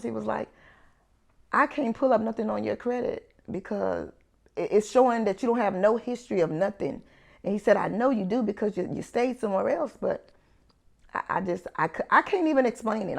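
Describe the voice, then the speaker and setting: A woman's voice: mid-range voice, vocal fry, a little mellow. A woman sharing a personal faith testimony in an earnest storytelling manner, acting out the dialogue she recalls. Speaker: ministry founder sharing testimony.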